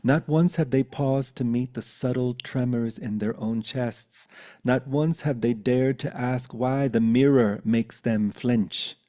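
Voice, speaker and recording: A man's voice: mid-range voice, steady tone, slow pace, mellow. A man on a video call giving an earnest, contemplative spiritual talk and reciting a poem. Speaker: spiritual teacher.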